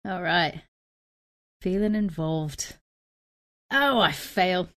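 A woman's voice: fairly low pitch, lively intonation, drawn-out words, fairly bright tone. Rambling, self-deprecating woman player. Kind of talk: tabletop role-play, casual chat.

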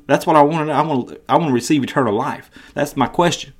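Eager, self-assured young rich man, done by a man, slightly raised pitch, fast. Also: natural voice. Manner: excited, eager, quick repeats.

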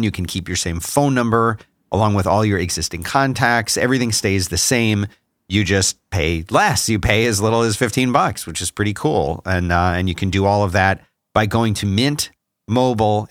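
A man from the United States co-hosting a casual podcast, relaxed and laughing easily, reading an ad in a loose way. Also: on the low side, no room sound, clean studio sound. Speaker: podcast co-host. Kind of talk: casual chat with a read ad.

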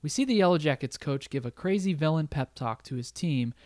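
A man's voice: fairly high pitch, animated, darkish tone, dry recording. A man co-hosting a podcast, casually recapping a film's plot with frequent laughs. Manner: recaps the plot, laughs often, quotes lines in quick bits. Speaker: podcast co-host recapping a film. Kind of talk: casual chat.

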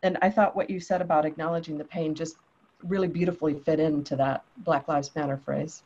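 A woman's voice: sits low, fairly quick. A woman speaking in a heartfelt, reflective way in a panel discussion. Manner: heartfelt, reflective, quotes others in lively voices. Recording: dull lo-fi audio.

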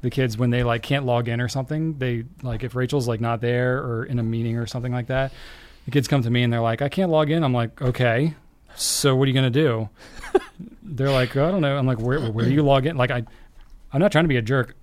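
A man's voice: medium pitch, fairly even intonation, darkish tone, a little hiss or hum. A man co-hosting a podcast in casual chat, wry and teasing, slipping into an exasperated dad voice when quoting himself. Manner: wry, teasing, quick to laugh. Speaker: podcast co-host.

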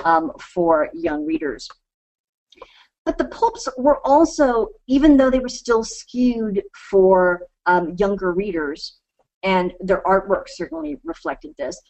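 A woman's voice: mid-range voice, poor audio. A woman giving a lecture, thinking aloud with many fillers and restarts. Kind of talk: lecture talk.

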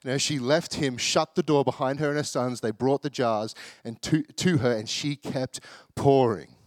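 A young man preaches in a relaxed, joking way, slipping into the voices of the people in the story. His voice is mid-pitched, and the recording is close and dry, with no room echo. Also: moderate pace. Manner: chatty, self-deprecating, acts out the people in the story. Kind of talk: casual sermon.

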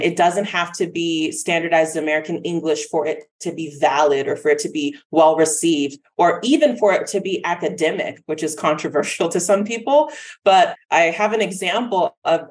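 A woman speech-language pathologist being interviewed, speaking earnestly and persuasively. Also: fairly low pitch. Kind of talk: conversational interview.

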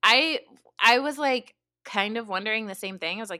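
A woman therapist telling a story in casual chat, animated and full of "like", with some swearing. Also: fairly high pitch, normal speed, dry recording, studio quality. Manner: animated, heavy use of "like", swears.

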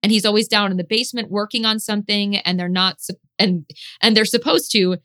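A woman talks casually as a podcast guest, quick to get excited and loose with her language. Her voice is bright and forward, with a medium pitch. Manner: chatty, excitable, casual swearing. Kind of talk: casual chat.

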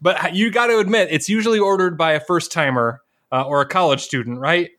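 A man with a Northwest Ohio accent co-hosting a casual podcast chat, relaxed and joking, reading quotes aloud. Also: on the high side, brisk. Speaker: podcast co-host.

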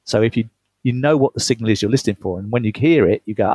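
Husky-voiced man telling stories. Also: lowish voice, fast talker, a little mellow, no echo. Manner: chatty, laughs often, restarts mid-phrase. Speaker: guest, author. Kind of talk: storytelling interview.

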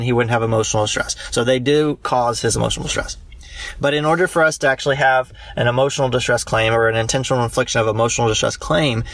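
A young man, a law student, working through a practice legal analysis out loud, with many ums and restarts. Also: medium pitch, dry recording, distant mic.

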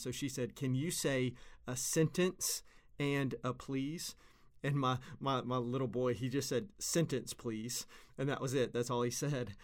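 A man in his thirties, a pastor, giving an earnest, conversational devotional sermon and repeating phrases for emphasis. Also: mid-range voice.

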